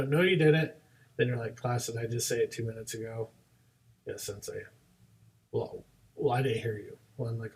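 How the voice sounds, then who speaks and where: In a casual podcast chat, a young man who teaches martial arts and co-hosts the show recounts classroom stories with animation, voicing both sides of every dialogue. He speaks at medium pitch, far from the mic, and the recording quality is low.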